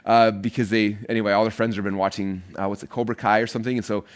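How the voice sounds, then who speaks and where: A man teaching an online marketing course in a casual, energetic way, rambling a bit and using many fillers. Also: fairly low pitch, quick pace, clean tone.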